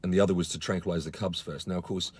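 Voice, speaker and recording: A man's voice: deep voice, steady tone, rapid-fire, a little mellow, slightly rough. A man giving a casual live-stream update to followers, earnest and indignant, with many fillers and restarts. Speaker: campaigner on a live video.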